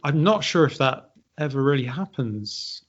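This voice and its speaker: A man's voice: mid-range voice, animated, moderate pace. British man hosting a language chat. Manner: thoughtful, hedging, poses quiz questions. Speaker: podcast host. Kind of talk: casual explanatory chat. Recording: dull lo-fi audio.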